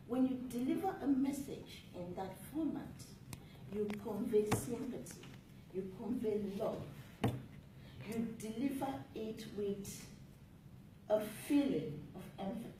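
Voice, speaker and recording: Woman giving a measured speech in an echoey hall. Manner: measured, deliberate delivery with stressed words. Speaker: club speaker. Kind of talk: prepared public speech. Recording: echoey room from far off with rumble.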